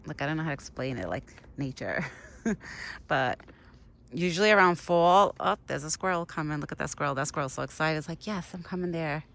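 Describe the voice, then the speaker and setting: A woman's voice: deep voice, expressive, fairly quick, vocal fry, fairly bright tone. A young woman chatting casually and rambling as she feeds a deer outdoors in the cold, laughing often. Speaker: vlogger feeding a wild deer. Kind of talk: casual outdoor vlog chat.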